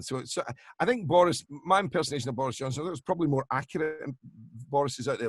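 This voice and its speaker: A man's voice: mid-range voice, quick pace, a bit bright, no echo, clean studio sound. A man, a voice actor and impressionist, chatting casually on a video call, trailing off and restarting as he talks. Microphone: video call microphone.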